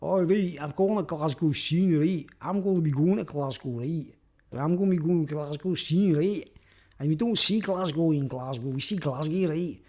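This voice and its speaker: A man's voice: a little high, moderate pace, warm tone. A Scouse man doing a menacing Glaswegian busker. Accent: mock Glaswegian over Scouse. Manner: repeats "right?" with threats. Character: tough Glaswegian male street busker, menacing.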